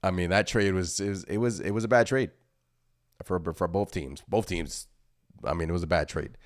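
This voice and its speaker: A young man with a deep voice, recorded dry and close, hosts a casual postgame show. He vents with frustration, hammers the same points again and again, and reads viewer chat aloud between his rants. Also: normal speed, dry recording. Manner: frustrated, repetitive, emphatic. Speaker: host of a fan postgame show.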